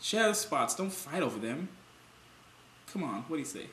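A man's voice: fairly high pitch, sing-song, bright, forceful tone, reverberant, a little hiss or hum. A man doing a preachy young peacemaker. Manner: lecturing, pleading, drawn-out.

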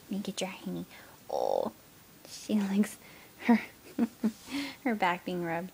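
A woman talking baby talk to her puppy at home, cooing in a sing-song voice and dropping into soft whispers. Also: medium pitch, wildly swooping pitch, slow pace, creaky, a little hiss or hum, poor audio. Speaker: pet owner filming her puppy.

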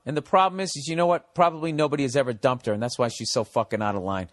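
A man's voice: medium pitch, fairly even intonation, very fast, hardly any pauses, fairly bright tone, no room sound, clean studio sound. A man in his forties from the United States, hosting a comedy podcast in a blunt, profane, ranting monologue, giving advice. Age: 40s. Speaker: podcast host.

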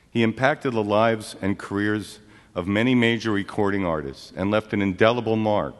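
Man, memorial speaker, steady formal letter reading, low pitch, long reverb. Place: theatre stage.

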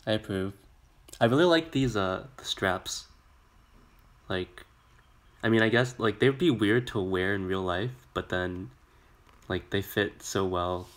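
A young man in a casual live stream, talking in a flat, monotone way while he reacts to videos and reads out comments. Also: measured pace, long pauses. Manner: monotone, low-key; rambling, filler-heavy, reads comments aloud. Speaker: livestreamer reacting to music videos. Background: pop music playing.

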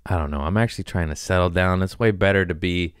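A man's voice: deep voice, quick pace, clear, resonant tone, dry recording, studio quality. A man hosting a podcast in casual chat, rambling and profane, mocking himself and laughing often. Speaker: podcast host.

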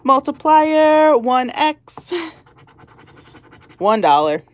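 A woman's voice: high-pitched, very animated, drawn-out words, no echo. A woman hosting a lottery-ticket channel, chatting casually and giggling as she calls out numbers one by one. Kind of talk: casual chat while scratching tickets.

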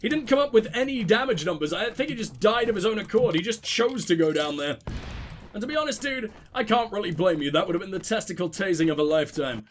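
A man's voice: high voice, animated, quick pace, slight background noise. A man hosting a let's play, rambling through casual game commentary with self-mocking jokes and lots of swearing.

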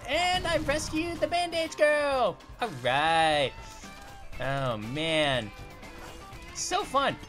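A performer voicing a cheerful young male cartoon grape who jokes and cries out while playing a video game, over faint music. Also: medium pitch. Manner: excitable, jokey, cries out at near misses. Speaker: let's play commentator. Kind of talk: cartoon character let's play commentary.

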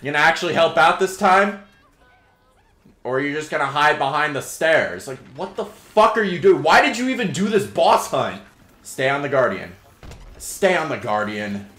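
Young guy gaming, cussing out his team, bright sharp voice, roomy echo. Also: a little high, expressive, normal speed. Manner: swears and yells at teammates, sarcastic. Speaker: gaming YouTuber. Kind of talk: gameplay commentary.

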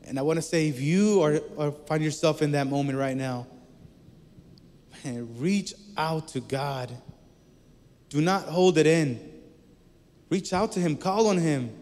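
A man delivers a sermon in a casual, conversational manner, weaving personal stories into scripture. His voice sits a bit high. The sound carries a long reverb from a large hall. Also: a little slow, long pauses, a little mellow. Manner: conversational preaching with storytelling. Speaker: preacher.

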